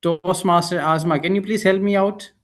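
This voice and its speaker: A man's voice: sits high, steady tone, moderate pace. A man explaining his job as language evaluator at a club meeting, hesitant with frequent fillers.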